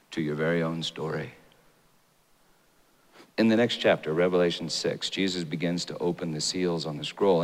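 A man preaching a sermon, dramatic and rising to loud high peaks. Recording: long hall reverb.

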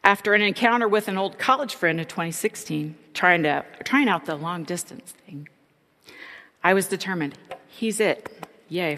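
A woman's voice: lowish voice, gravelly, a bit bright, long reverb tail. A middle-aged woman giving an earnest, reflective personal testimony.

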